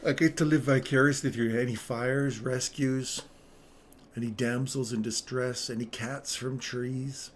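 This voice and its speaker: A man's voice: medium pitch, fairly even intonation, a little slow, a little hiss or hum. A man telling a rambling story on a live trading stream, chuckling between phrases.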